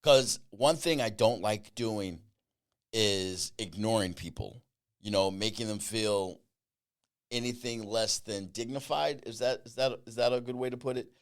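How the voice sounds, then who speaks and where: A man hosts his own podcast alone, talking in a loose, rambling way and stressing his points with emphasis. He thinks aloud and breaks off into asides. His voice sits a little low. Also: measured pace. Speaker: podcast host. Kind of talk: casual solo podcast monologue.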